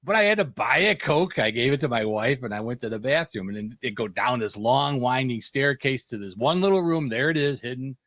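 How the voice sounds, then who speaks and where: A man's voice: medium pitch, brisk, hardly any pauses, dry recording. A man from the United States hosting a casual panel podcast, telling stories and acting out quoted lines. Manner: animated storyteller, acts out quotes. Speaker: podcast host.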